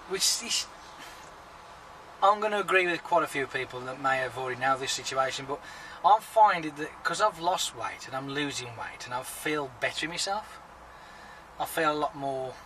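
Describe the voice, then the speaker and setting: A man's voice: on the high side, pushed and bright, recorded from a distance, a little hiss or hum, poor audio. A man chatting casually to his viewers in a rambling, sweary vlog, talking freely. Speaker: vlogger.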